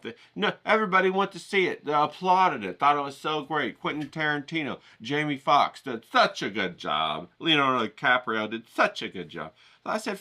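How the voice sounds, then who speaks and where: Animated, bright-voiced man ranting casually. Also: on the high side, a little fast. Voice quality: animated and profane, acts out quoted voices. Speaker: vlogger painting outdoors. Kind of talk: casual rambling monologue.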